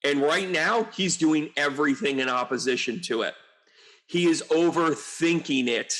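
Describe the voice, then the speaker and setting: A male astrologer talks through a chart in a casual, irreverent way. His voice sits a little high, and he drifts between asides and jokes. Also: moderate pace, a bit bright. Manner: joking, rambling, irreverent. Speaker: astrologer and medium. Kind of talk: casual astrology reading on video.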